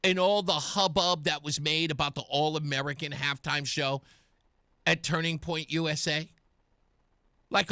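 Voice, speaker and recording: A man's voice: high voice, sharp tone, dry recording, clean studio sound. A man hosting talk radio, giving sarcastic, indignant political commentary.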